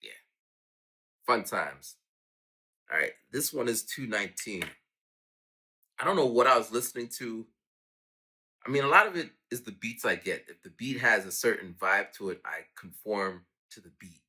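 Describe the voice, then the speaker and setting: A man with a low-pitched, bright and forceful voice talks casually about his raps. He acts out sound effects and quoted lines as he goes. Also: lively intonation, moderate pace, long pauses, slightly rough. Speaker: rapper talking about his own songs. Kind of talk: casual storytelling.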